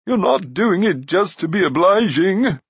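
A man voicing a huge, boastful and needy male cave giant, with a quavering, choking voice drawn out in slow shouts. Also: high-pitched, slightly rough, no echo, voice pushed up, heavily acted. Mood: eager.

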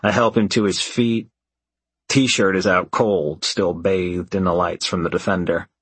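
Male audiobook narrator, very low, husky, gritty and wry, first person, dry close recording. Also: little pitch movement, unhurried, no room sound.

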